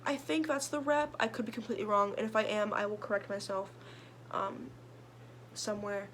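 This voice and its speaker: A woman's voice: mid-range voice, fairly even intonation, a little fast, a bit bright, slight background noise. A young woman, a book vlogger, chatting casually about her reading list in a rambling way full of fillers and restarts. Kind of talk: casual chat.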